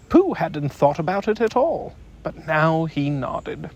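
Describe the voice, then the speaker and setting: A man reading a children's book aloud in gentle, unhurried storybook narration. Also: fairly high pitch, big pitch swings, dull audio. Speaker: audiobook narrator.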